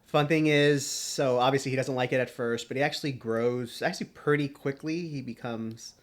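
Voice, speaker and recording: A man's voice: medium pitch, fairly even intonation, normal speed. A man co-hosting a podcast in casual chat, with dry, teasing remarks. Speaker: podcast co-host.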